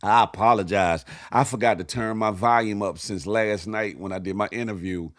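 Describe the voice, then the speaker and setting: A man hosting a casual livestream morning show, giving playful slangy shout-outs to viewers and hyping up the day. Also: fairly low pitch, normal speed, no echo, studio quality. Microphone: phone.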